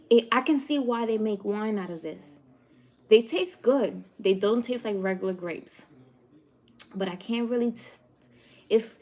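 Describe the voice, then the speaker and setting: Young New York woman vlogger, relaxed and drawn-out, chatty with frequent laughs. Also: on the high side. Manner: laughs often, chatty, drawn-out slow speech. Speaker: vegan cooking vlogger. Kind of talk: casual chat with live viewers.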